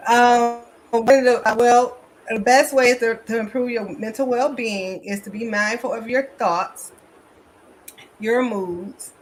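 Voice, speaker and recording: A woman's voice: a little high, steady tone, unhurried, a little hiss or hum. A woman therapist and coach, giving an emphatic, motivational conference talk over a video call. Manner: emphatic, motivational, addresses audience as y'all.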